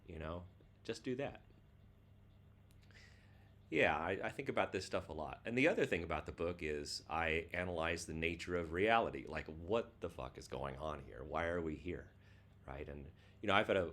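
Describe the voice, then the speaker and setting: A man's voice: a bass voice, a bit bright. A man, the author, chatting casually about his book and then reading it aloud, with a loose, filler-heavy way of talking. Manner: loose and casual, lots of "like" and "you know".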